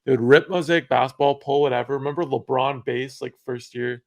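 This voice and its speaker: Young male podcast host, heavy vocal fry, loose and chatty. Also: mid-range voice, fairly quick. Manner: relaxed, filler-heavy, lots of "like". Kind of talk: casual podcast conversation.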